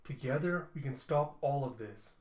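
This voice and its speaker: A man voicing an ancient machine being, quiet, low and grave, in a roomy space. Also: animated, normal speed, lightly acted. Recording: roomy echo.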